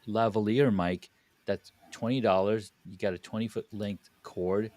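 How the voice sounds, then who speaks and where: Deep-voiced man explaining audio gear. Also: darkish tone. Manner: explanatory, with restarts and searching for words. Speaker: guest audio and studio coach. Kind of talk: podcast conversation.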